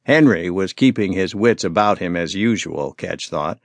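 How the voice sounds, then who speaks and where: A man narrating an audiobook with measured, expressive storytelling. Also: sits low, vocal fry, no room sound. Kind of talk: scripted narration.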